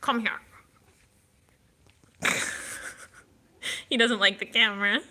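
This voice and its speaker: A woman filming her foster cats at home and in the yard, chatting to them in cooing baby talk and to her viewers in a relaxed way. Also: medium pitch, takes it slowly. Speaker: cat foster streamer. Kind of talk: casual talk to pets on camera. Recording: faint wind and outdoor noise.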